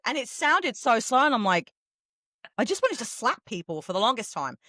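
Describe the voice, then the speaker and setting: Animated fast-talking middle-aged woman. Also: on the high side, no echo. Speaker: podcast co-host. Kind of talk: casual chat.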